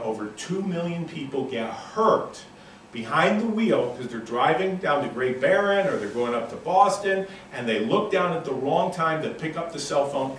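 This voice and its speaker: A man in his sixties giving a live motivational lecture to an audience in a room, telling stories in an animated, punchy and emphatic way. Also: on the high side, slight background noise. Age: 60s. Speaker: motivational speaker. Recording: very echoey room, voice from a distant mic.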